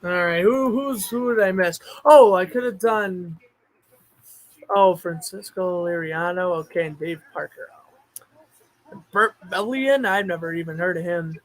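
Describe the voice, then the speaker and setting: A male streamer with a notably high voice talks casually to his chat. He thinks out loud as he goes and now and then breaks into excited outbursts. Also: a little slow, low-quality recording. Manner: chatty, thinks aloud, bursts of excitement. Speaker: streamer host.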